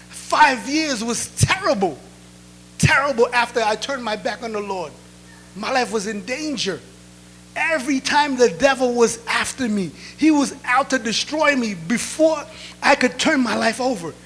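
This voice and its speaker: A male pastor giving a sermon testimony, repeating each point in two languages and building to loud, emphatic bursts. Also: very high-pitched, a little hiss or hum. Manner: switches between Creole and English, repeating each point.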